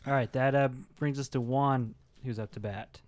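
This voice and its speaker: A man narrating as game master of a tabletop game, relaxed, laughing often and pausing on fillers. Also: mid-range voice, dry recording.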